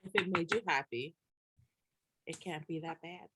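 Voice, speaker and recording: Young woman co-host, casual chat, animated emphatic ranter who laughs often. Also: low-pitched, moderate pace, slight background noise. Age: young adult. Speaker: podcast co-host.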